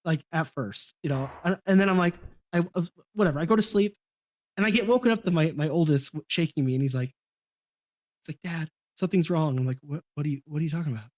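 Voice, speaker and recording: A man's voice: on the high side, quick pace, darkish tone. Rambling man telling a story. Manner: rambling, chuckling, many restarts. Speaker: podcast guest, streamer. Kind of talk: casual storytelling chat.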